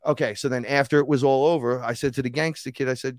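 A man's voice: mid-range voice, fast talker, no room sound, studio quality. A man telling a long story in a casual conversation as a podcast guest, swearing freely and acting out other people's voices. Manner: animated, profane, acts out other people's voices. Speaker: podcast guest, rapper and shaman.

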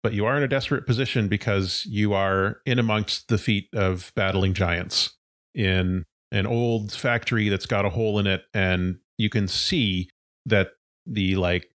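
A man's voice: fairly low pitch, fairly even intonation, measured pace, a bit bright. A man narrating as game master of a tabletop role-playing game, describing scenes in a loose, searching way with plenty of fillers.

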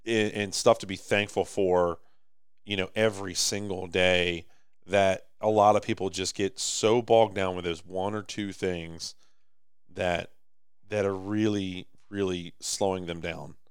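A man with an American accent co-hosting a podcast in casual chat, rambling and animated, swinging between loud and soft. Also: low voice, smooth, no echo, studio quality. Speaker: podcast co-host.

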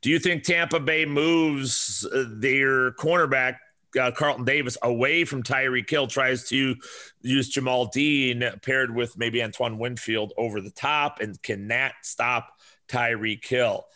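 A man in his forties hosting a podcast, talking casually in a profane, rambling way and telling animated stories. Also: mid-range voice, a little slow. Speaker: podcast host.

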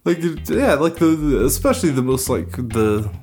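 A man's voice: mid-range voice, big pitch swings, moderate pace, a little mellow, faint music behind. Rambling profane man co-host. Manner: rambling, profane, many filler likes. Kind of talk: casual chat.

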